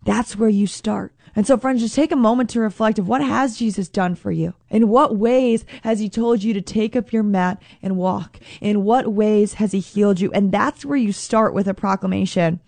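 A woman's voice: a little high, normal speed, darkish tone, no room sound. A woman giving an earnest faith reflection, repeating lines and acting out quotes in her own voice. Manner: earnest, repetitive, acts out quotes. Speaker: Catholic speaker.

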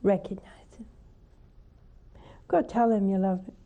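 An older woman, a nun hosting a call-in show, preaching fervently and coaxing callers, her voice often rising to high emphatic peaks. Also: steady tone, unhurried, mellow, muffled recording.

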